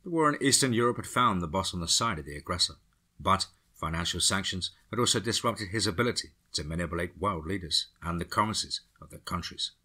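A man narrating a dark action story for a horror podcast with a steady, dramatic delivery. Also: low-pitched, fairly quick, husky.

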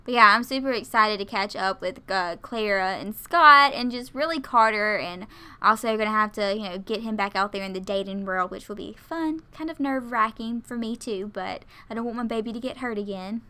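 Bright-voiced chatty woman gamer. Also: medium pitch, fairly quick, clear, resonant tone. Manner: chatty, laughs often. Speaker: let's play host. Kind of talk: casual game commentary.

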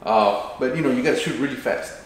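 In this clip the man's voice is mid-range and fast as he casually maps out a video for his channel, acting out bits of dialogue. The space echoes a lot, and there's faint noise.

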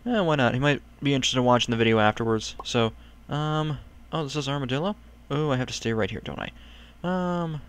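A man chatting casually as he plays and comments on a video game, rambling and self-mocking, with sudden excited yelps. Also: medium pitch, brisk, smooth. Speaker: gaming YouTuber.

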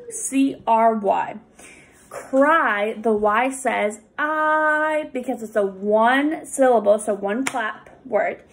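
A woman tutoring young readers, explaining reading rules patiently with many pauses and fillers. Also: a little high, slight background noise. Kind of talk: recorded lesson for students.

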